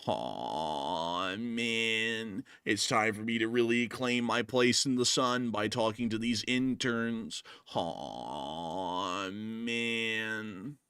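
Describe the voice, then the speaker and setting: A man's voice: lowish voice, animated, drawn-out words, hardly any pauses, sharp tone, smooth, no echo, clean studio sound, heavily acted. A man voicing a gloomy, self-pitying washed-up male fly who keeps groaning. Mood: moping. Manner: groaning, sighs "aw, man" over and over.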